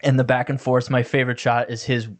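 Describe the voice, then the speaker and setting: A man's voice: mid-range voice, level tone, fast. A man co-hosting a podcast, chatting casually and enthusiastically about an anime episode, with many "like" fillers. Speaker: podcast co-host.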